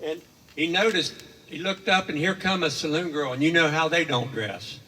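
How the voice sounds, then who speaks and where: A man's voice: fairly high pitch, normal speed, sharp tone, slight background noise. An older man rambling through a folksy spoken story with homespun asides, heard from far off in an echoey hall. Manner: rambling, homespun, with many fillers.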